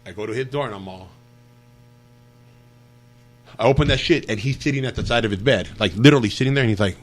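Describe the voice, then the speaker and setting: A man guest on a podcast, telling a story in rapid, profane, animated casual chat. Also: lowish voice, soft background music.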